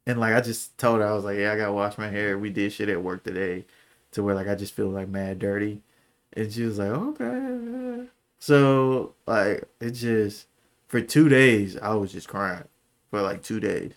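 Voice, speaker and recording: A young man, telling a personal story on a podcast in candid slang, his voice sinking low and soft at the painful parts. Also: fairly even intonation, moderate pace. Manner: candid, slangy, lots of "like" and "bro"; emotional, voice drops low and soft when recalling. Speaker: podcast co-host. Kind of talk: casual storytelling.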